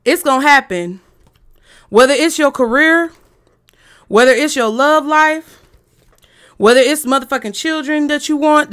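A woman's voice: high-pitched, a bit bright, smooth. A woman giving a tarot reading to her viewers, speaking bluntly and emphatically with a lot of profanity. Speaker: tarot reader.

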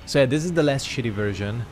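A man's voice: medium pitch, darkish tone. A man giving casual gameplay commentary as a gaming YouTuber, sarcastic and swearing through frustrated outbursts.

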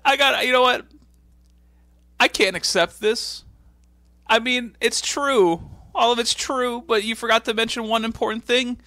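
A cocky star wrestler gives a heartfelt, speechifying refusal in a raised, strained pitch, as a podcast host puts him on. The voice sits well above a normal speaking range and sounds dry and close. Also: male voice, bright, forceful tone, dry recording. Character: cocky star wrestler turning down a title belt, man.

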